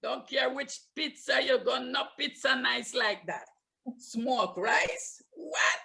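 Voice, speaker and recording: Gravelly older woman with a Limón Creole accent. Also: sits high, takes it slowly. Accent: Limón Creole English. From Limón, Costa Rica. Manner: animated, repeats words for emphasis, exclaims. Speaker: storyteller. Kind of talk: lively storytelling of childhood memories.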